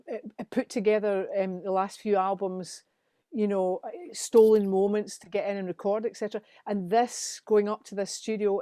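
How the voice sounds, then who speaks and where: A woman's voice: medium pitch, dry recording. A middle-aged Scottish woman, a musician guest, telling studio stories in casual chat and acting out the quotes. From Scotland. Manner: animated storytelling, acts out quotes.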